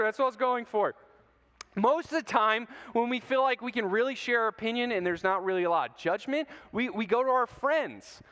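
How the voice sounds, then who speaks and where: High-voiced man giving a youth talk. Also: pushed and bright. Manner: playful, storytelling, asks the audience questions. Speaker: youth speaker. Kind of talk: youth talk to middle schoolers. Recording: long hall reverb.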